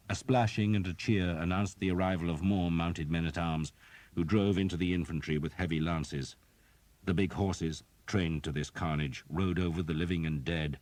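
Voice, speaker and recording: A male audiobook narrator with a remarkably low, booming voice. He tells the story in a grave, steady way. The recording is dry, with no room sound. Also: no room sound. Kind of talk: scripted narration.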